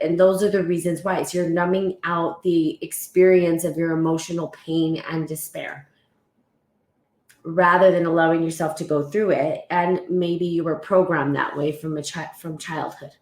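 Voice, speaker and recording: A woman talks to her live-stream viewers in a reflective, reassuring way, pausing on fillers and greeting people by name. Her voice sits low for a woman, and the room around her echoes noticeably. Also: darkish tone. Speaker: podcast host. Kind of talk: live-stream talk reading aloud from a book.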